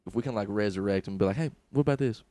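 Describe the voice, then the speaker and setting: A young man co-hosting a comedy podcast in casual chat, animated and profane, quick to laugh. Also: on the low side, dry recording. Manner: animated, swears a lot, laughs easily. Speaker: podcast co-host. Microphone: close studio mic.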